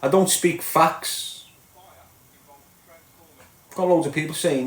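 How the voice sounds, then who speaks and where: A man's voice: on the high side, fairly even intonation, unhurried, long pauses. A middle-aged man with a Liverpool accent, ranting bluntly and mockingly at viewers on a live stream, tagging his lines with "lad" and "mate". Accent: Liverpool (Scouse). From Liverpool, England. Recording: roomy echo.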